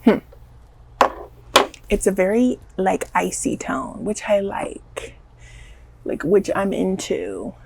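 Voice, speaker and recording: A woman's voice: medium pitch, slow pace, creaky, long pauses, noisy background. A young woman with a Southern US accent, chatting anxiously and jokingly through a home hair-dye vlog. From American South. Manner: chatty, anxious, self-mocking. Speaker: beauty vlogger. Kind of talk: casual vlog chat.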